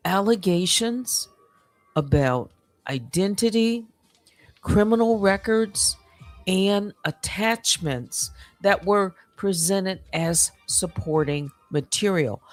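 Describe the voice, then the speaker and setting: A woman hosting a livestream, reading through emails and commenting in a deliberate, measured way with many pauses. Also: lowish voice, a little mellow. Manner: deliberate, measured, pausing often. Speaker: livestream host.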